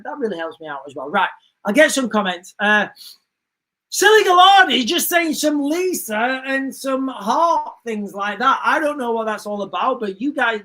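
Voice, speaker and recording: A woman's voice: a little high, fairly bright tone, rough recording. Rambling woman streaming live commentary. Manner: rambling and emphatic, with frequent restarts; addresses viewers directly. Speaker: livestream host.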